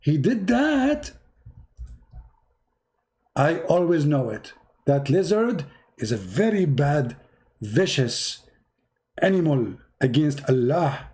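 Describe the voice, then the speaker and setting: A man's voice: a little high, warm tone. A man giving mocking, emphatic religious commentary in non-native English, full of sarcasm. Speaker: religious debater.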